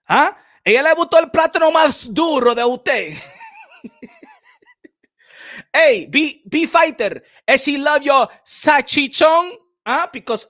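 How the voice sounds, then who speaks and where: A man with a Dominican accent hosting a boxing show in a casual live-stream chat, playful and loud, laughing often and mixing English with Spanish. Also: extremely high pitch, dry recording, clean studio sound. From Dominican Republic. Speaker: boxing YouTube host.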